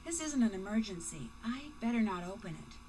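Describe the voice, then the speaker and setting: A woman's voice: mid-range voice, expressive, fairly quick, a little mellow, a little hiss or hum, close to an everyday voice. A woman voicing a curious, polite young female detective in a video game, making plain, matter-of-fact remarks to herself.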